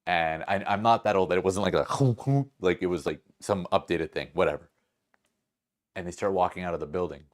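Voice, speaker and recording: A man's voice: deep voice, fairly even intonation, brisk. A man hosting a podcast, telling a story casually, rambling with many fillers, restarts and laughs. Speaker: podcast host.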